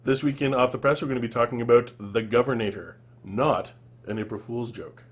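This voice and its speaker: A man's voice: medium pitch, fairly quick, breathy edge. A young man hosting a casual podcast, bantering and joking with co-hosts. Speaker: show host. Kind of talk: casual chat.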